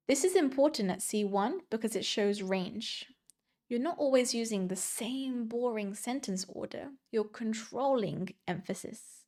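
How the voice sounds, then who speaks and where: A woman teaching a scripted English grammar lesson, speaking clearly and slowing down to read out example sentences. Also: on the high side, expressive, mellow.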